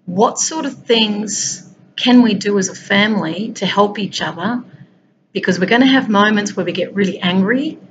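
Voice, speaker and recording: A woman's voice: medium pitch, normal speed, muffled recording, a little hiss or hum. A woman giving an informal motivational talk as a wellbeing coach. She talks directly to her listeners in a conversational way.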